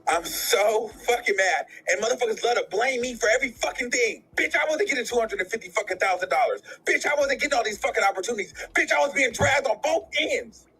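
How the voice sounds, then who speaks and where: A man's voice: very high voice, animated, fast, few pauses, bright, forceful tone, breathy edge. A tearful, furious man venting in a profane, repetitive rant.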